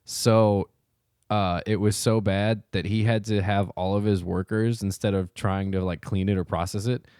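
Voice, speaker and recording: A man co-hosting a casual podcast rambles through stories, laughing often and swearing offhandedly. His voice sits very low. The recording is dry and close. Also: steady tone, normal speed, darkish tone, smooth, dry recording. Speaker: podcast co-host. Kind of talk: casual chat.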